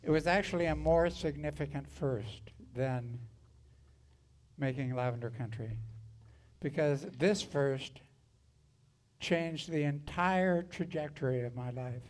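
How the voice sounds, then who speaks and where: A man's voice: on the high side, slow pace, slight background noise. A man in his seventies telling stories on stage between songs, speaking frankly and wryly with crude jokes. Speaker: singer and storyteller on stage. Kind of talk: spoken storytelling between songs at a live show. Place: live music venue.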